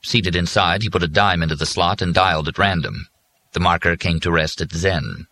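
Deep bright-voiced male narrator. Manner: even, measured storytelling. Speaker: audiobook narrator. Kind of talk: scripted narration.

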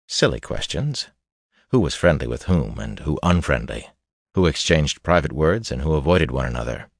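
Super deep male voice reading a fantasy audiobook, dry close mic. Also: sing-song, moderate pace, vocal fry, dry recording. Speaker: audiobook narrator. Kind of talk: scripted fantasy narration.

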